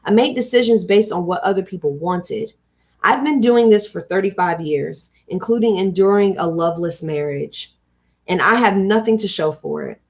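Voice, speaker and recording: A woman's voice: mid-range voice, normal speed, natural voice. A woman voicing a middle-aged divorced man who tells his story earnestly in a put-on accent, read aloud from a book.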